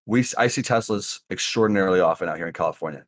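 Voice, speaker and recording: A young man co-hosting a podcast, telling a long story in an animated way and laughing often. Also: low voice, rapid-fire, no echo, clean studio sound. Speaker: podcast co-host. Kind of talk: casual chat, storytelling.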